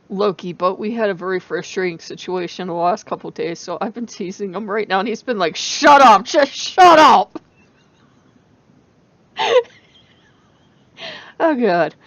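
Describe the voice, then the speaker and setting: A woman's voice: medium pitch, a bit bright, dry recording. A tired woman hosting a casual vlog, rambling with fillers and laughing often. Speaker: channel host. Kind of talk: casual spiritual vlog chat. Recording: dull lo-fi dry recording.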